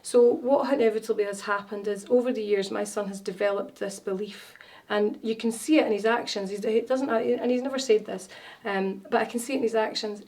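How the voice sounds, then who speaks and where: A woman's voice: mid-range voice, fairly even intonation, fairly quick, hardly any pauses, a little mellow. A woman, telling stories as an interview guest, with many fillers and restarts. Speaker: wellness consultant guest. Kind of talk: casual interview chat. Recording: voice a bit far from mic.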